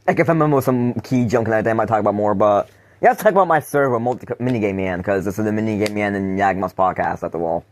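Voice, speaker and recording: A man's voice: on the low side, fast. A man hosting a casual podcast chat, rambling with frequent laughs and restarted sentences. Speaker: podcast host.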